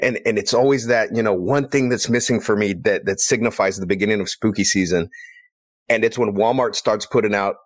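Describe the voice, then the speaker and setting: Casting note: relaxed male co-host, low-pitched, loose and talkative. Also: fairly quick. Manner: easygoing, chatty, laughs often. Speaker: podcast co-host. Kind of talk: casual profane chat.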